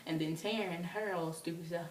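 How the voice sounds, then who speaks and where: A young woman telling a story to camera in a casual, animated way, acting out quotes in squealing voices. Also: on the low side, moderate pace, far from the mic. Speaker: vlogger. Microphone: camera mic from a distance. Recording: roomy, off-mic, faint hiss.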